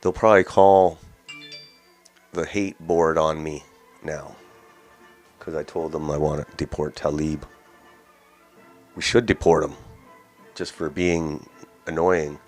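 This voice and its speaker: A male host delivers casual opinion commentary in a blunt, mocking, rambling way. His voice sits low. Faint music plays behind him. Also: fairly even intonation, takes it slowly, long pauses, a little mellow. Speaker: host of a daily news commentary show.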